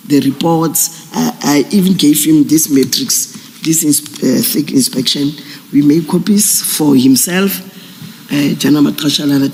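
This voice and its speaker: Man, witness testimony, gravelly, halting with fillers, reverberant hearing room. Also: a little high, a little mellow. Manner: halting, measured, with many uh fillers and restarts. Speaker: police general testifying as a witness. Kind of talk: formal testimony at an inquiry.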